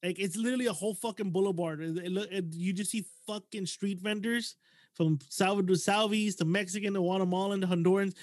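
A man's voice: sits high, no echo, clean studio sound. A man hosting a podcast, telling a story in a casual chat with lots of swearing and animation.

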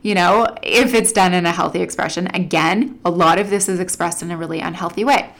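A woman's voice: on the low side, brisk, a bit bright. A woman hosting a casual solo podcast as a coach, talking animatedly, laughing often and acting out quoted inner voices.

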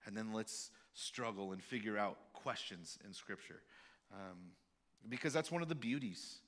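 A male pastor giving a sermon in a candid, halting way, with many fillers and restarts. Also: fairly low pitch, lively intonation, fairly bright tone.

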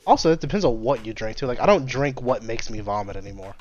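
A young man co-hosting a podcast, chatting casually and telling stories in a blunt, deadpan way. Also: medium pitch, fast talker, highs cut off, soft background music. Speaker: podcast co-host. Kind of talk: casual chat.

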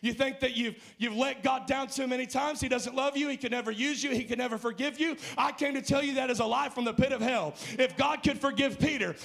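Pastor guy preaching hard in church, high gravelly voice, goes from shouting to low and quiet. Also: normal speed. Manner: impassioned, rising to shouts and dropping low. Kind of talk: sermon.

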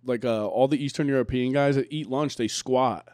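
A man, hosting a casual comedy podcast, crude and quick to laugh. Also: mid-range voice, a little mellow, no echo, clean studio sound. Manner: joking, laughs often, crude. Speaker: podcast host.

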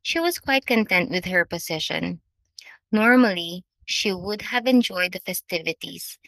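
A woman reading a novel aloud as audiobook narrator, in measured storytelling. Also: fairly low pitch, animated, vocal fry, fairly bright tone, no room sound, low-quality recording.

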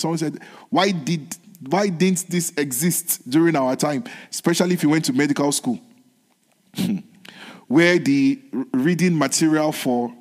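A man preaching a sermon in an earnest way, repeating his phrases and moving between soft whispered lines and raised ones. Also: on the high side. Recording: long hall reverb.

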